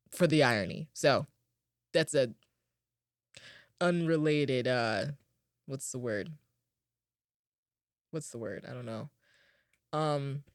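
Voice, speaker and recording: In a clean, echo-free studio recording, a young woman with a bass voice hosts a podcast. She chats casually and upbeat, rambling with plenty of fillers, though a bit of tiredness comes through.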